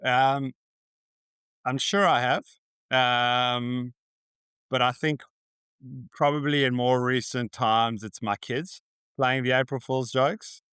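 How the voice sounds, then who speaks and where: A man talking as a podcast guest in a measured, unhurried way, often pausing to think. His voice is smooth and resonant. The recording is dry and close. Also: medium pitch, fairly even intonation, fairly bright tone, no room sound. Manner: measured, many ums and pauses. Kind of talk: casual chat.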